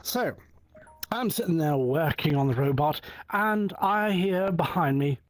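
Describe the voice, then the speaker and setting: Guy telling a story on his show, lively, acts out every line, kinda high voice, dry close sound. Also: measured pace, no echo. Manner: animated, acts out dialogue with many restarts. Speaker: talk show host. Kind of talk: casual storytelling.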